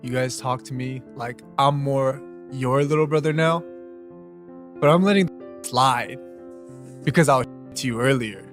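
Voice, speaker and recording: A man's voice: medium pitch, a little slow, long pauses, faint music behind. A young man co-hosting a podcast, chatting casually in a joking, easygoing way. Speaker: podcast co-host. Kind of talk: casual chat.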